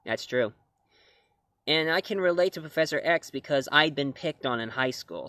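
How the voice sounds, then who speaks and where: A man's voice: mid-range voice, bright, forceful tone, dry recording. Rambling man reviewing comics, dry sound. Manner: rambling, self-correcting, chuckling. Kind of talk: casual talk-to-camera review.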